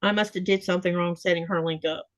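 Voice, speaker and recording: A woman's voice: lowish voice, fairly even intonation, quick pace, dry recording. An older woman hosting a casual livestream chat, greeting viewers by name. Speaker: host.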